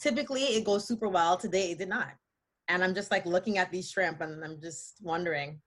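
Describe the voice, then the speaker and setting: A woman co-hosting a podcast in casual chat, animated and jokey with mock-dramatic complaints. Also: lowish voice, fairly quick. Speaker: podcast co-host.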